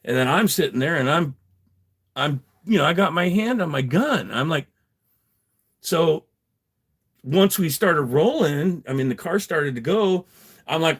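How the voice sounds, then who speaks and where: A man's voice: a little high, expressive, measured pace, pauses often, slightly rough. A middle-aged man telling a story on a livestream, rambling and profane, chuckling as he goes. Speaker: livestream host. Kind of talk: casual storytelling.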